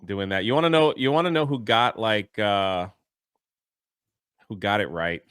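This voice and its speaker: Exasperated guy ranting on a chat show, bright clear voice, dry mic. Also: on the low side, normal speed, dry recording. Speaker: co-host. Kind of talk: casual commentary chat.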